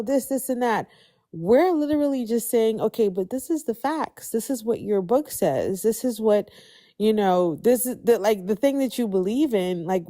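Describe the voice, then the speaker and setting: A woman's voice: mid-range voice, mellow. A woman speaking up on a live stream, emotional and grateful, rambling with many restarts. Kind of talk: heartfelt casual chat.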